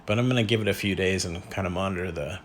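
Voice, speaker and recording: A man's voice: deep voice, quick pace, a little hiss or hum. A man hosting a casual unboxing vlog at home, talking in a wry, self-deprecating way as he thinks aloud. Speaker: collector and channel host.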